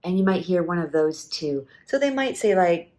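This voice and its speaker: Lower-pitched woman teaching phrases. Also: animated, normal speed, a little mellow. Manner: explains patiently, modelling phrases with many fillers. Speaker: language teacher. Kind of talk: casual language lesson.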